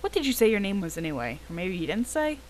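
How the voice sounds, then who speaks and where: A woman's voice: medium pitch, big pitch swings, fast talker, darkish tone, slight background noise, lightly acted, low-quality recording. A woman voicing a rude, impatient male customer who complains and bosses people around. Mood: suspicious. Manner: bossy, complaining, suspicious. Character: rude impatient man demanding ice cream.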